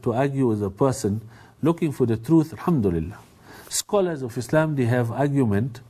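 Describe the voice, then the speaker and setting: A man giving a televised religious lecture in English, preaching emphatically, repeating phrases and jumping up in pitch to stress points. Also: warm tone, husky. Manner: emphatic, repetitive, with sudden rises in pitch. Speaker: Islamic preacher.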